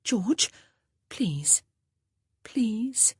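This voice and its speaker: A woman's voice: on the high side, expressive, a little slow, a little mellow, breathy edge, no room sound, studio quality, pitched above the performer's own voice, exaggerated voice. A woman doing a pleading young society lady. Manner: pleading, breathless, urgent. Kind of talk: audiobook character voice.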